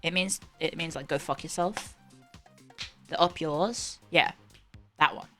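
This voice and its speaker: A woman's voice: low voice, a little slow, bright, forceful tone, soft background music. A woman with a British accent, livestreaming and chatting casually in a sarcastic, bantering, rambling way. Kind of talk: casual chat.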